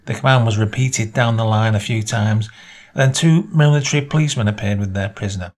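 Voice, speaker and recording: A man reading a short story aloud as narrator, in a measured storytelling manner. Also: a little mellow. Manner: measured storytelling, voices dialogue with small pitch lifts.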